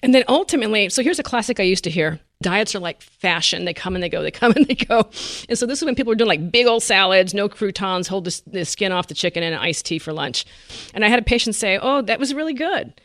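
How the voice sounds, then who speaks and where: A woman dietitian being interviewed, speaking at a rapid clip and bursting into laughter as she acts out her patients' lines. Her voice sits at a middle pitch and is recorded close in a dry, dead room. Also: no echo. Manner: animated, laughs often, acts out quotes. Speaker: dietitian guest. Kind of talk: conversational interview.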